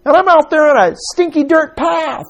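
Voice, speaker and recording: A man's voice: extremely high pitch, fairly even intonation, normal speed, lo-fi sound. A man preaching a conversational sermon to his congregation, asking them questions as he teaches. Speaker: pastor.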